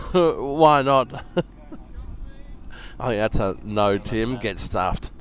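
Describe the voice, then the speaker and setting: A man's voice: fairly low pitch, very slow. A man giving casual live cricket commentary, chatty and joking and often laughing.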